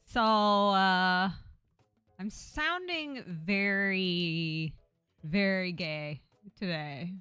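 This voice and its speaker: A woman's voice: medium pitch, extremely slow, clean tone, no room sound, faint music behind. A woman streamer chatting playfully to her viewers, lisping from a sore on her tongue. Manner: playful, loud, swearing. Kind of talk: casual game stream chat and reading. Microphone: headphones, streaming mic.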